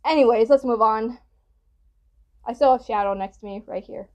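A woman hosting a reaction video, talking casually with excited gushing outbursts and rambling, apologetic asides. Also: fairly high pitch, moderate pace, dull audio.

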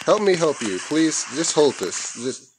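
Young guy gaming on a headset, kinda high voice, trash talks and cusses a lot, bit of faint noise. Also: sing-song, unhurried. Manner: playful trash talk, cussing, sudden yelps. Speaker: gamer recording his own gameplay. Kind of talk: casual gameplay commentary.

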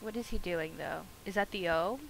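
A young woman streaming a game, excitable and profane, swinging from shouts to hushed asides. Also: on the low side, normal speed, gravelly, slight background noise, low-quality recording. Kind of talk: live game stream commentary.

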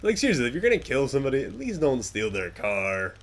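A young man giving casual gameplay commentary, swearing often and muttering to himself, then yelling at other players. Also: mid-range voice, wildly swooping pitch, quick pace.

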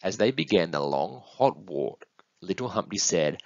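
A man reading a picture book aloud in an expressive, sing-song storytelling manner. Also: low voice, measured pace, vocal fry, dry recording. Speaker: storybook reader. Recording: dull, dry close recording.

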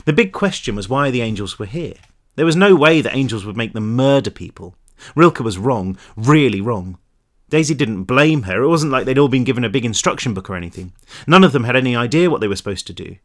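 A man, the author, narrating his own novel aloud in an expressive storytelling manner. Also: medium pitch, brisk. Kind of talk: audiobook narration.

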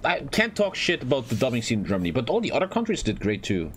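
A man hosting a reaction video, blunt, profane and excitable in casual commentary. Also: medium pitch, quick pace, a little hiss or hum.

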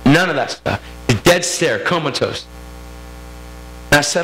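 A man preaching a sermon, telling a personal testimony with emotional intensity that builds toward near-shouting. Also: mid-range voice, moderate pace, soft background music, rough recording.

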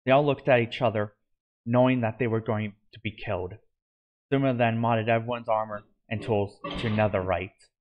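A man reading his own fan story aloud, in a steady delivery with small slips and restarts. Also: on the low side, moderate pace, dull audio. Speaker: narrator.

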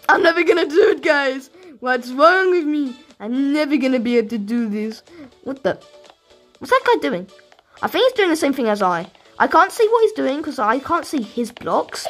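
British woman gaming YouTuber; high, bouncy delivery, rambling and excitable, faint music under her. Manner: excitable, rambling, talks to viewers. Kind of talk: let's play commentary.

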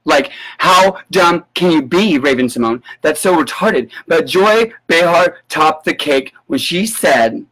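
A man giving an indignant live-stream rant, sarcastic and full of profanity, breaking into sudden high yelps. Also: lively intonation, a little slow, hardly any pauses, a bit bright, low-quality recording. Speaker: political commentator. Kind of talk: ranting live-stream commentary.

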